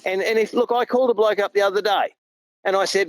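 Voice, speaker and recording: A man's voice: sits high, animated, a little fast, low-quality recording. A middle-aged Australian man, a truck driver guest, talking emphatically and earnestly in a casual chat.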